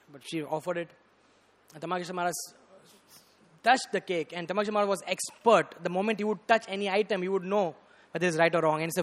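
A man preaching a storytelling sermon, animated and rising to loud bursts, often saying "you know". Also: high voice, fast talker. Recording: reverberant hall.

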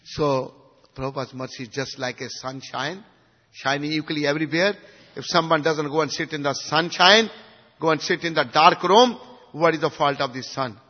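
Husky man giving a devotional lecture. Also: a little high, normal speed. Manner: swings from hushed to emphatic, asks the audience questions. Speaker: spiritual teacher. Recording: dull recording in a reverberant hall.

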